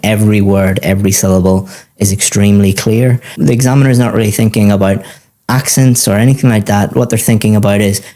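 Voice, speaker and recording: Guy teacher going over exam feedback, lowish voice, mellow and patient. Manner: patient, methodical, encouraging. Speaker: IELTS teacher giving feedback.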